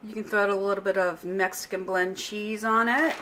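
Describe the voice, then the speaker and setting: A woman's voice: medium pitch, steady tone, moderate pace, noisy background. A middle-aged woman chats her way through a home cooking demo in an easygoing, unscripted voice. She often trips over a word and backs up to fix it. Pots and cutlery clink faintly behind her in the kitchen. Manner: chatty and unpolished, restarts and corrects herself. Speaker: home cook vlogger. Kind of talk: casual cooking demonstration. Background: clinking pots, pans and cutlery.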